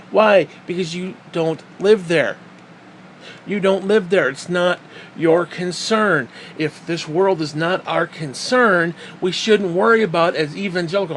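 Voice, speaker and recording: A man ranting in a crude, sarcastic and heated way to his viewers, swearing often, with a faint air-conditioner hum behind him. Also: high voice. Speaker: vlogger. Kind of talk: profane ranting commentary.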